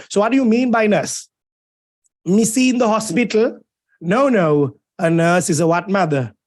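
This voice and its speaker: A young man with a Sri Lankan English accent teaching English literature in an online lecture. He teases students playfully and answers his own questions. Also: high-pitched. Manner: playful, teasing, asks questions and answers them himself. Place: home or classroom, streamed over a video call. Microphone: video call microphone.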